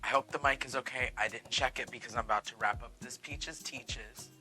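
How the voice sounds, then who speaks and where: A man's voice: medium pitch, steady tone, fairly quick, bright, forceful tone, soft background music, poor audio. A man hosting a casual home cooking vlog, sassy and profane, calling viewers "girl" and "honey". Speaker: cooking vlogger. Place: home kitchen.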